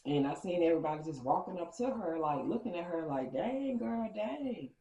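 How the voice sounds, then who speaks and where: Woman vlogger, casual storytime, chatty, animated, roomy echo, dull lo-fi sound. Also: low voice, fast. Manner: chatty, animated, acting out dialogue.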